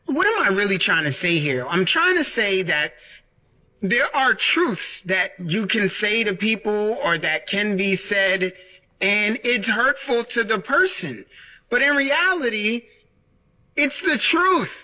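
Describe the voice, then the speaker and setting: High bright-voiced man, casual vlog talk. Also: big pitch swings, slow pace, highs cut off. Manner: repeats points, tags lines with "right?". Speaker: vlogger. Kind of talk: casual monologue to camera. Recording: roomy echo.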